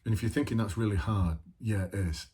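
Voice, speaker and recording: A man's voice: fairly low pitch, a little fast, dark tone, slightly rough. A middle-aged man, a former police officer, giving an informal coaching talk full of rhetorical questions. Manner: conversational, asks many rhetorical questions, talks to himself. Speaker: former police officer turned leadership trainer.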